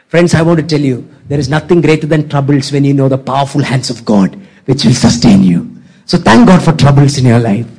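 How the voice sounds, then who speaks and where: A man's voice: fairly high pitch, darkish tone, breathy edge. A man preaching a sermon as a pastor, exhorting and repeating his points and calling on the congregation to respond. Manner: exhorting, repetitive, calls for audience response.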